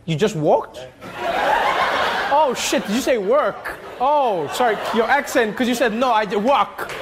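Playful comedian, high voice. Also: male voice, measured pace, a loud crowd, very noisy. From South Africa. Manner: animated, playful, acts out voices. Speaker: stand-up comedian. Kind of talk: stand-up crowd work. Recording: live club mic with loud audience.

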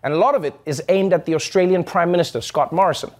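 High-voiced man joking through the news. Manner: joking, punchy delivery with quick asides. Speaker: host. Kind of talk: satirical news monologue.

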